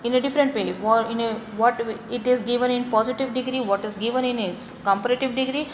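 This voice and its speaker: A woman with an Indian accent teaching English grammar, repeating example words slowly and breaking them into syllables. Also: on the high side, steady tone, in a large hall, a little hiss or hum. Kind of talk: grammar lesson mixing English and Hindi.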